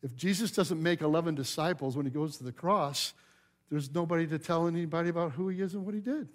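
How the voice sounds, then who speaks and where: A male pastor preaching a sermon in a church, telling the story in a lively way and putting questions to the congregation. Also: fairly high pitch, fast talker. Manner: animated storyteller, acts out quotes, asks the congregation questions.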